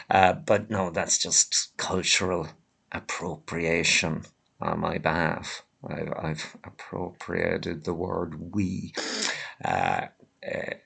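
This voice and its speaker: Gravelly, congested Irish man, slow and low. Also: fairly bright tone. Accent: Irish, mildly Limerick. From Ireland. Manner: sardonic, rambling, self-deprecating. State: congested with a head cold, coughing. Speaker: vlogger. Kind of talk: rambling solo monologue.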